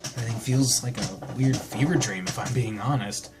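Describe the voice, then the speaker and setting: A man voicing a tired young man who jokes and teases, speaking low and subdued. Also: moderate pace, music in the background, lightly acted. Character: tired joking young man, teasing but lonely.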